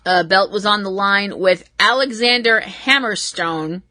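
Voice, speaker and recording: A woman from Massachusetts hosts a laid-back wrestling recap, her voice bright and clear. She wanders onto tangents, giggles at her own jokes and keeps apologizing. It sounds dry and close to the mic. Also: medium pitch, a little slow, dry recording. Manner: rambling and self-deprecating, laughs at herself. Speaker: podcast host.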